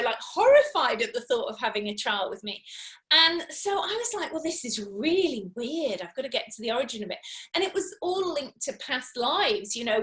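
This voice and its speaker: Chatty higher-voiced woman, echoey room. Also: fairly bright tone. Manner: chatty, many "you know" fillers, mimics others' reactions. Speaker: guest author. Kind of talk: personal story in interview. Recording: roomy echo.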